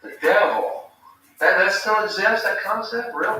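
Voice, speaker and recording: A man's voice: sits high, steady tone, unhurried, bright, forceful tone, very echoey, far from the mic, slight background noise, rough recording. A man performing a sardonic stand-up routine, mocking as he goes. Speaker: stand-up comic.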